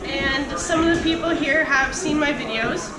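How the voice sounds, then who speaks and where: A young woman vlogger at a birthday party, quickly and breezily explaining to an action camera. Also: high-pitched, roomy sound, rough recording. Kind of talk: casual party vlog. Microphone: handheld action camera. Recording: loud party music and crowd noise.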